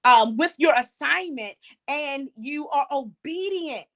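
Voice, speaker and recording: A middle-aged woman hosting an online talk show, energetic and preacherly, with many fillers. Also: sits high, slow pace. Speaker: host.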